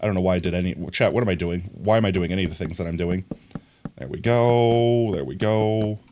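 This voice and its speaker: A man's voice: sits low, a little fast, warm tone, slight background noise. A man streaming a block-building game, chatting casually with his chat and greeting viewers while he works. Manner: chatty, reads and answers chat while building, hums bam bam to himself. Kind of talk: casual live game commentary.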